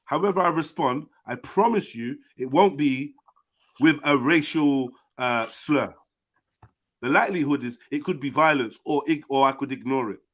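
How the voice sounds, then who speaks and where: A man's voice: medium pitch, normal speed, a bit bright. A man hosting a live online panel discussion, speaking firmly and insistently. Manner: firm, insistent. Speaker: stream host.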